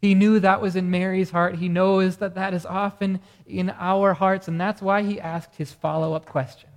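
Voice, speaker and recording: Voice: medium pitch, level tone, normal speed. A pastor delivering a morning sermon earnestly, asking the congregation rhetorical questions. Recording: reverberant hall sound.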